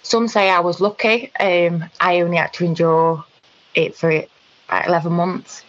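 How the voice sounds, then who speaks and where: A woman recounting a personal experience in conversation, halting, with frequent ums and restarts. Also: lowish voice, level tone, lo-fi sound. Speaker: guest.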